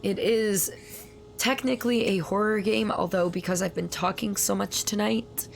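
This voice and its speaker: A woman's voice: mid-range voice, steady tone, normal speed, vocal fry, slight background noise. A woman streaming a game, chatting and rambling to her viewers while recovering from a cold. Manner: chatty, rambling, talks to chat. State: recovering from a cold, voice not at full strength. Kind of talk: casual gameplay commentary.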